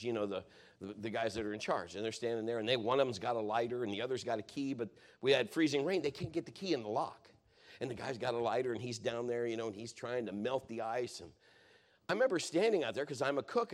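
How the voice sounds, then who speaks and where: Man, preacher, rambling sermon story, self-correcting, mid-pitched voice.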